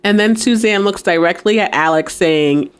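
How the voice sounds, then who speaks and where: A woman's voice: medium pitch, normal speed, smooth. A young adult woman hosting a podcast, casually recapping a TV episode, laughing often and acting out characters' lines. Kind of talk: casual recap with acted-out quotes.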